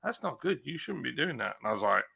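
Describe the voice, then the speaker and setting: A man hosting a live stream, chatting casually and telling stories in an animated way, acting out his own shouting. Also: mid-range voice, fast, gravelly, slightly rough. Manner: animated storyteller, acts out shouting. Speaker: streamer host. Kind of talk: casual chat.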